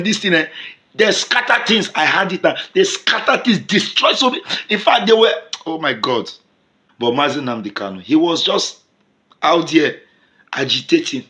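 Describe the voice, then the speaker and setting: A man with a Nigerian accent giving impassioned commentary to camera, emphatic and repetitive, swinging from loud outbursts to low mutters. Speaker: vlogger.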